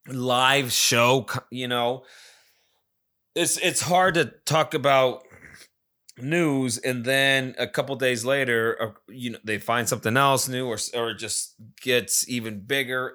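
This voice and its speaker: A man's voice: medium pitch, bright, forceful tone. A man with a non-native English accent hosting a casual solo podcast, rambling and swearing with many restarts. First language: not English. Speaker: podcast host.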